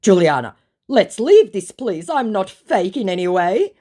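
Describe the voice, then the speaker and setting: A woman's voice: mid-range voice, big pitch swings, a little slow, dark tone, pitched above the performer's own voice. A woman voicing a pushy male scammer who poses as a celebrity, in a mock-sweet, wheedling manner.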